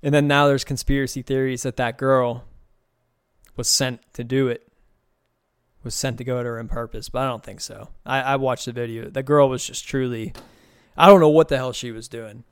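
A man's voice: mid-range voice, steady tone, moderate pace, clear, resonant tone, dry recording, studio quality. A man hosting a casual solo podcast, rambling through loose, profane, amused stories and opinions. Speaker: podcast host.

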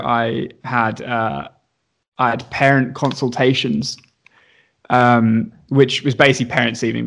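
A young man, a teacher, telling a story in casual chat, swearing and acting out the voices of the people in it. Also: medium pitch. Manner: animated, swearing, acts out voices. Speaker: primary school teacher.

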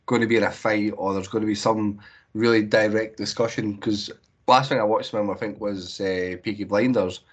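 A Scottish man with a husky, breathy edge to his voice reviews films in casual podcast chat. He sits low in pitch and talks in a measured, thoughtful way. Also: steady tone. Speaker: podcast co-host.

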